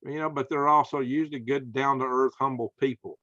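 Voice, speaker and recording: A man's voice: mid-range voice, fairly even intonation, a little fast, sharp tone, dry recording. Southern guy hosting a chat, folksy and emphatic, dry dull audio. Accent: Southern American. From Southern United States. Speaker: podcast host. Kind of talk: casual conversation.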